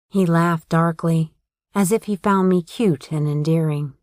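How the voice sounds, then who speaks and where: A woman narrating a first-person paranormal romance audiobook in a wry, steady storytelling manner. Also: on the low side, moderate pace, no echo, clean studio sound.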